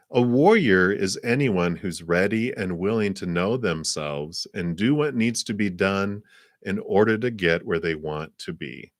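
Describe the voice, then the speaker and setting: A man hosting a live card reading stream, reading messages in a gentle, slow, reflective way. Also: sits low, animated, dry recording, studio quality. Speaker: card reader.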